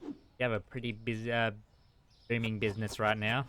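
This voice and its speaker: A young man streaming a shop game, talking fast and frazzled to his customers and himself. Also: on the low side, flat delivery, fairly bright tone, slight background noise. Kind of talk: live-streamed gameplay commentary.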